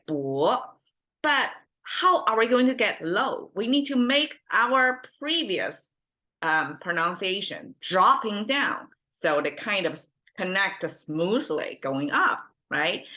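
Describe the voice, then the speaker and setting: Woman explaining words, lowish voice but bright and forceful, lots of ums and rights. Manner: thinks aloud with many ums and rights. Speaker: Chinese language teacher. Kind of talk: casual explanatory lesson.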